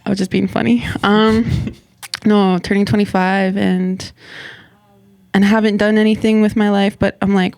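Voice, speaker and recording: A woman in her twenties, a guest artist talking over her path in a relaxed interview, thoughtful and quick to laugh, her speech full of "like". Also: medium pitch, gravelly, clear, resonant tone, dry recording. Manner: reflective, laughs often, many "like" fillers. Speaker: guest hip-hop artist. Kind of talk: casual interview conversation. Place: radio station interview studio.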